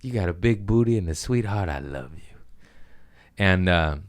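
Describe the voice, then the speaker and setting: A man with a deep, smooth voice talks casually on his own podcast. He rambles loosely and crudely, mocking himself as he goes, and keeps it loose and unpolished. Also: lively intonation, moderate pace. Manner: rambling, crude, self-mocking and laughing often. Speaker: podcast host. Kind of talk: casual solo chat.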